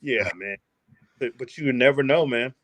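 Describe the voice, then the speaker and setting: A man from the United States, a podcast guest and travel vlogger, talking in a casual interview with boastful, animated, slangy storytelling. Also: mid-range voice, unhurried.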